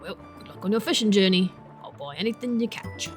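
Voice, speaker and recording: A woman's voice: medium pitch, animated, fairly quick, faint music behind, natural voice. A woman voicing Wilfred, a kindly older male animal who runs a fish store in a farming game, with a folksy, encouraging way of talking. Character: gruff older male fox-like fishmonger, kindly.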